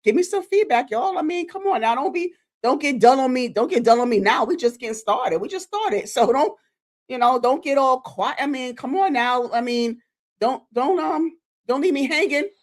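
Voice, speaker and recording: A woman content creator hosting a live stream, talking directly to her viewers in a chatty, animated way. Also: high voice, moderate pace. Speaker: YouTube content creator celebrating her channel anniversary.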